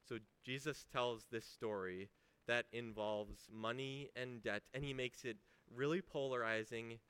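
A man delivers a sermon in an easygoing, conversational way. He stresses key words and asks rhetorical questions. His voice is bright and forceful, and the sound is dry and close. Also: medium pitch, steady tone, a little slow, smooth, no room sound. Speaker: pastor.

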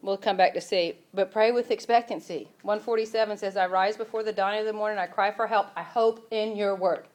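A woman preaches an informal sermon in a relaxed, conversational way. She scatters fillers through her talk. She also rises to emphatic passages on the points she wants to land. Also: medium pitch, fairly quick, hardly any pauses. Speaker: church speaker.

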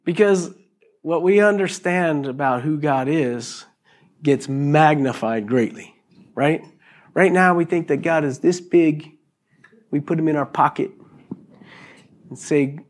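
A middle-aged man preaching a sermon in an animated, jokey way, acting out little voices as he goes. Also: on the high side, slow, pauses often. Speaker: pastor.

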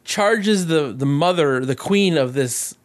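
A man with a slightly high voice talks through an old movie's plot in loose, casual podcast chat. He is sarcastic and profane, and he laughs often. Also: expressive, slow. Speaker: podcast co-host.

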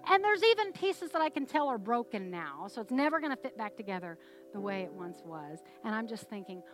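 A middle-aged woman preaching a sermon, telling a family story in a lively, conversational way with quick laughs. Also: mid-range voice, music in the background. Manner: animated, conversational storyteller who laughs while talking.

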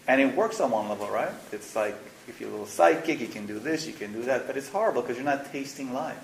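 A man's voice: medium pitch, fast, vocal fry. Frank man teaching in an echoey room. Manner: frank, animated, mixes slang and swearing. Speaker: spiritual teacher leading a workshop. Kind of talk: casual workshop talk. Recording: roomy echo, faint noise.

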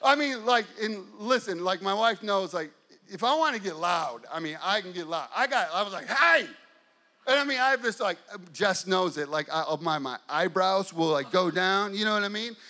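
A man in his forties preaching with a high, ringing voice that stays bright and forceful. He tells his story with lots of energy and sometimes bursts into shouts while acting out scenes. His delivery is that of a pastor keeping a congregation hooked. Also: animated, normal speed. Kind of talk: storytelling sermon.

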